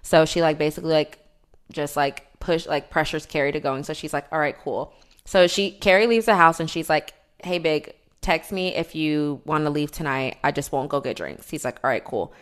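Casual podcast woman, low-ish voice, lively storyteller who acts out scenes. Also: moderate pace, clean tone. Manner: animated storyteller, acts out scenes with loud cries. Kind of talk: casual chat. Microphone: remote call.

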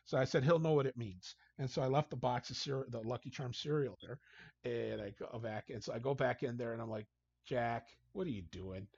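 Gravelly husky man telling stories. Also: mid-range voice, a little fast, dry recording. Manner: animated storyteller, acts out quotes. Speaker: guest, hockey coach. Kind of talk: casual anecdote telling. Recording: dull, dry lo-fi sound.

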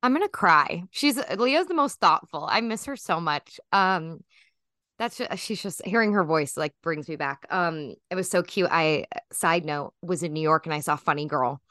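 A woman's voice: sits low, animated, normal speed, sharp tone, no echo, studio quality. Chatty woman rambling with fillers. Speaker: guest. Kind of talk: casual interview chat.

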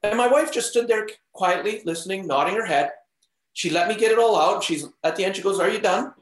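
A man's voice: sits high, brisk, soft background music. A man being interviewed, telling stories casually and acting out the voices of the people in them. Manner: animated, acts out the voices in his stories. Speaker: interview guest. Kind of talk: casual storytelling. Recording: roomy echo.

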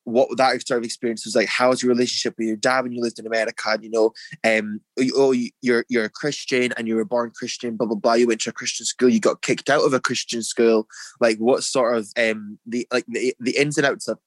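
A man's voice: medium pitch, little pitch movement, a little fast, no echo. A young Scottish man tells his story in a loose, chatty way, full of fillers and restarts. He jumps his voice up to act out what other people said. The sound is dry and close, with little room around it. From Scotland. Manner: chatty, filler-heavy, acts out quotes in a raised voice. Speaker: guest, drag performer. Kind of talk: casual storytelling interview.

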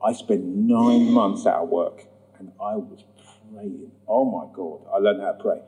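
A man telling his personal testimony in a sermon, acting out the voices in his story and rising high when he gets emphatic. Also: a little slow, warm tone, rough recording. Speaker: preacher giving testimony.

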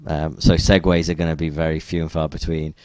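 A man's voice: rumbling low, flat delivery, a little fast, no room sound. A man hosting a casual podcast, laid-back and hesitant with many ums. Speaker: podcast host. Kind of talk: casual chat.

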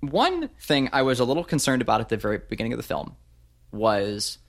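A man talking loosely about a film in a casual chat, voice at an everyday middle pitch. He rambles, restarts his sentences and swears offhandedly. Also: big pitch swings, fairly quick. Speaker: podcast co-host.

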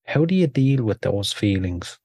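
A man hosting a podcast interview, chatty and quick to laugh. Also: lowish voice, very animated, warm tone, husky, no room sound. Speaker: podcast host. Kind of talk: casual interview.

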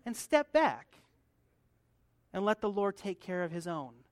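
A man's voice: high-pitched, expressive, unhurried, dry recording. Conversational preaching man, dry sound. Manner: conversational, swings between soft asides and loud emphatic build-ups, laughs often. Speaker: pastor. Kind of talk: sermon.

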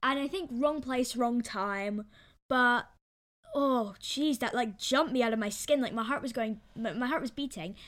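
Excitable young UK woman, co-host, bright and sharp tone. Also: a little high, unhurried. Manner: excitable, yells lines in retelling. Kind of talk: casual storytelling chat.

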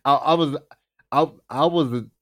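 A man's voice: fairly high pitch, a little slow. A young man, casually telling a story on a podcast and acting out his friends' lines in raised voices. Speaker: podcast host.

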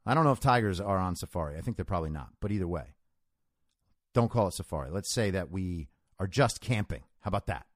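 A male show host giving a solo commentary in a conversational, storytelling manner. His pitch moves a lot and his delivery is emphatic. He sounds close and dry, with no room echo. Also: lively intonation, quick pace.

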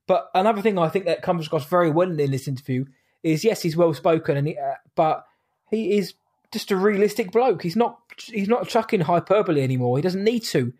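A man hosting a podcast in a relaxed, informal chat. His voice sits a little higher than most men's. He speaks loosely, throwing in "mate" as he goes. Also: a little fast. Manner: chatty, informal, says "mate". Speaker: podcast host. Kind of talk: casual chat.

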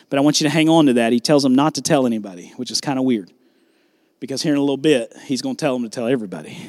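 A man pastor preaching a sermon, animated, acting out biblical dialogue with shifting volume. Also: on the high side, no room sound, clean studio sound.

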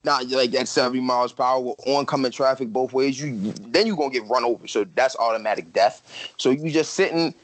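A man's voice: medium pitch, brisk, no echo, poor audio. A young man on a podcast telling a story in casual, profane slang and acting out his own quotes.

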